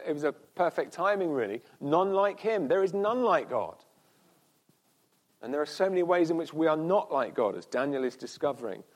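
Man, church sermon, earnest, slow emphatic repeats, mid-pitched voice. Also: darkish tone. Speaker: preacher. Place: church service.

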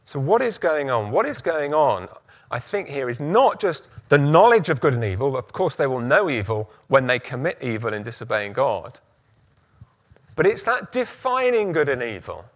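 A man's voice: medium pitch, big pitch swings, normal speed. A man preaching a sermon, using emphatic repetition and rhetorical questions.

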